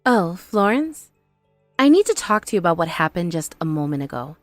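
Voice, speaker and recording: A woman voicing a patient young bride in an animated story, calm, earnest and reasoning. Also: on the low side, moderate pace, no room sound, soft background music.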